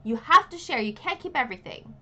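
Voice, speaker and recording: A woman's voice: high-pitched, animated, fast talker, bright, forceful tone. A woman as game master, narrating a tabletop game and explaining rules in a rambling, friendly way with many fillers. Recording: light background noise.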